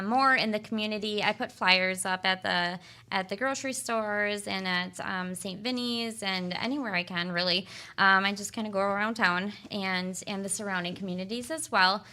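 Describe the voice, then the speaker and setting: A woman's voice: medium pitch, normal speed, sharp tone, smooth. A woman appearing as a guest in a radio studio, talking about events in an upbeat way with lots of ums. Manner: upbeat, filler-heavy, earnest. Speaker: sales and marketing director as guest. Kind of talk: promotional guest chat. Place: broadcast studio.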